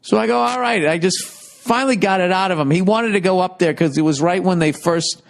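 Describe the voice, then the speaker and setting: A man telling a profane, exasperated comedic story. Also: sits high. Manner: profane, exasperated, rapid asides.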